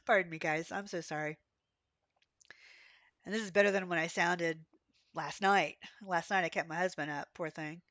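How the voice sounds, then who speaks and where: Woman, game streamer, hoarse, coughing, chatty storyteller, dry close sound. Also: lowish voice, unhurried, long pauses, sharp tone, no echo. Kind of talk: casual livestream chat while playing.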